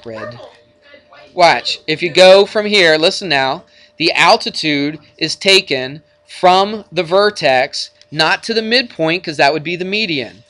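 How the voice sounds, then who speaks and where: A man's voice: on the high side, expressive, a little slow, pushed and bright. A male math teacher lecturing a class in a classroom, chatty and jokey, bantering with his students.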